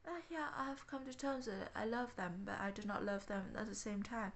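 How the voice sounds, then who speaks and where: A woman talking haltingly in a personal diary vlog, often searching for words. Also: mid-range voice. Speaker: vlogger.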